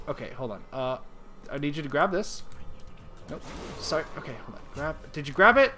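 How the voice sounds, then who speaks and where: A man's voice: fairly high pitch, animated, normal speed, pauses often, bright, forceful tone, a little hiss or hum. A man streaming a video game, talking to himself in playful, rambling chat. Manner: playful, rambling self-talk.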